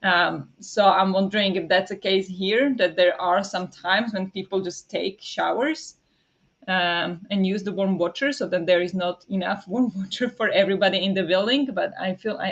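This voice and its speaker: A woman's voice: medium pitch, normal speed. A woman from Slovakia, chatting casually with live viewers during a reading stream, rambling with lots of fillers. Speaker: streamer hosting reading sprints. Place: home. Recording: dull lo-fi sound.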